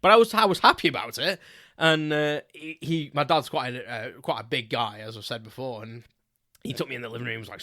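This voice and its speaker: A British man hosts his own podcast, spinning a chatty, rambling anecdote peppered with casual swearing. His voice is bright and forceful, recorded dry and close with no room sound. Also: mid-range voice, fast talker, no room sound. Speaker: podcast host. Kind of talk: casual solo storytelling.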